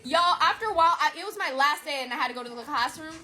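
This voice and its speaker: A woman telling a personal story in a casual storytime monologue, animated, blunt and profane. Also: high-pitched, rapid-fire.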